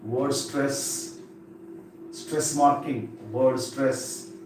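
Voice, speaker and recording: A man's voice: mid-range voice, fairly even intonation, drawn-out words. A man teaching an exam-prep English lesson, who repeats key words and drills pronunciation aloud. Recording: echoey room from far off with faint noise.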